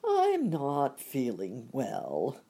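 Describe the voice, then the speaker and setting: A woman voicing a friendly, earnest male scarecrow stuffed with straw, in a husky, courteous storybook voice. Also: extremely low pitch, wildly swooping pitch, warm tone, exaggerated voice. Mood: polite. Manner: slow, courteous, confiding. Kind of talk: storybook reading.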